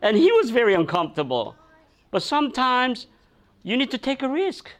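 A man's voice: extremely high pitch, sing-song, moderate pace. A male pastor delivers a sermon as a personal story. He talks loosely, full of fillers and restarts, and laughs as he goes.

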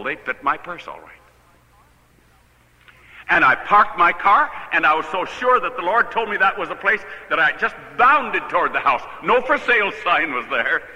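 An older man, a pastor, telling a personal story in a sermon, animated and laughing at his own tale. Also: on the high side, slightly rough, big-room sound, low-quality recording.

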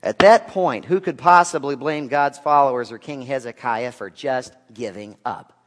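A male pastor delivering a sermon, with rhetorical questions and dry asides, swinging from loud to hushed. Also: medium pitch, moderate pace. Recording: long reverb of a large hall.

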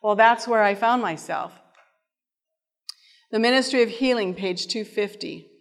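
A woman shares an emotional personal testimony in a sermon, pausing to read passages aloud. She speaks slowly and earnestly, and her voice rings with the long reverb of a large hall. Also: medium pitch. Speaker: speaker giving a testimony talk.

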